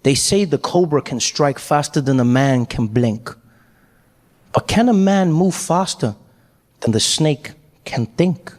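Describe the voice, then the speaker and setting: A man in a stand-up comedy act, voicing a cool, calm snake charmer who speaks slowly and solemnly. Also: fairly high pitch, big-room sound. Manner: slow, solemn, mysterious.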